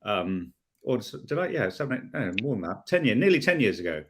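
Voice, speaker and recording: Rambling male host with a lively voice. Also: medium pitch, a little fast, slight background noise. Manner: rambling, asks long searching questions. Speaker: podcast host. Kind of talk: casual chat.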